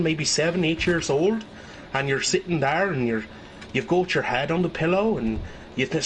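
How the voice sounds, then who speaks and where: Man faking a squeaky Irish elf, sing-song and over the top, podcast banter. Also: slight background noise, lightly acted, rough recording. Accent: Irish, put on.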